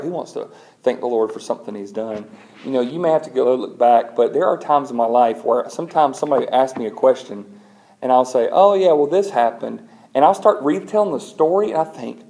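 Mellow-voiced pastor preaching. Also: male voice, medium pitch, vocal fry. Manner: conversational storytelling, animated when retelling. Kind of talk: sermon.

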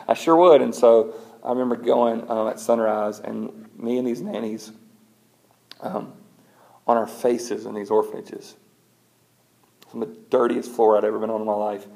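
Mellow-voiced pastor preaching. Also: male voice, mid-range voice, vocal fry. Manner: conversational storytelling, animated when retelling. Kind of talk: sermon.

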